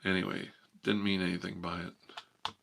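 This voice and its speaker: A man hosting a live ASMR stream, chatting softly and playfully with viewers and rambling. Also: low voice, flat delivery, normal speed, vocal fry, slight background noise.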